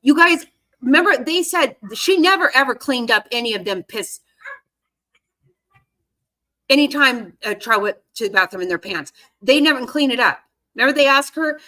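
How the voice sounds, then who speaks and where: Bright, indignant woman reacting. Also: sits high, animated, moderate pace. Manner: indignant, swears freely, talks back at the screen. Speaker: true-crime commentary host. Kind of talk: casual reaction commentary.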